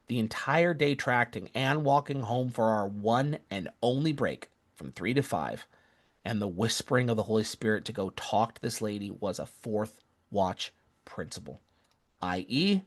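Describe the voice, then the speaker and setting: A man's voice: on the low side, lively intonation, normal speed. A man telling a missionary story with an earnest, casual manner, often correcting himself mid-sentence. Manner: earnest, self-correcting, acts out quoted voices.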